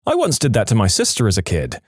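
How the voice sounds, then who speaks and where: Lively man narrating odd stories. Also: fairly low pitch, fast talker, breathy edge, no echo, studio quality. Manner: expressive storytelling with playful acted quotes. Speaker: storytelling channel narrator. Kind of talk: reading submitted stories aloud.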